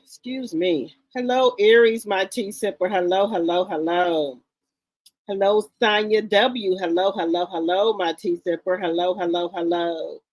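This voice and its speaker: A woman's voice: fairly low pitch, fairly even intonation, measured pace, a little mellow. Chatty woman hosting a livestream. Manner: chatty, repeats greetings, informal. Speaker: livestream host. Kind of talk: casual livestream chat greeting viewers.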